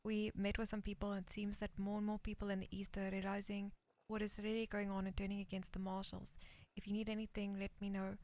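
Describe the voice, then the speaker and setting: This woman talks fast in a medium-pitched, darkish voice with a completely flat delivery. Playing a character in a western roleplay chat, the roleplay streamer hesitantly reads out messages and often lapses into a whisper. The recording is dry.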